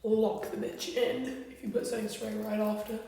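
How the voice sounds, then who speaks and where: A woman's voice: a little high, level tone, moderate pace, vocal fry, warm tone, a little hiss or hum. A young woman chatting casually through a makeup tutorial, blunt and swearing freely. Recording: very echoey room, distant from mic.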